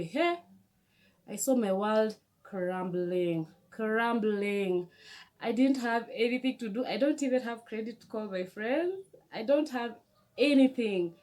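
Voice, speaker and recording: A young woman with a Kenyan accent, telling a storytime vlog in an animated, emotional way with many restarts. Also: fairly high pitch, normal speed. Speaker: vlogger.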